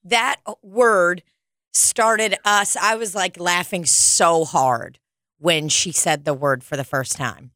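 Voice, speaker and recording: Low-voiced young woman, casual chat. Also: slow pace, pushed and bright, no room sound, clean studio sound. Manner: rambling, swears casually.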